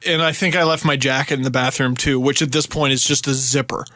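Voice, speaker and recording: A man in his thirties from Canada, a podcast host telling a story in a casual, animated way, swearing freely and shouting the lines he quotes. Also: mid-range voice, a little fast, dry recording, studio quality.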